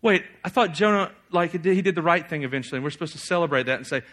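An animated young man preaching a sermon with a bright, ringing voice pitched a little high. He often bursts into a loud, raised voice to act out a figure's angry words. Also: racing.

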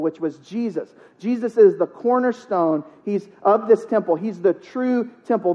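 Man, pastor, high-pitched, casual preaching with punchy repetition, muffled recording. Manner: conversational preaching with jokes and emphatic repetition. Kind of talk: sermon.

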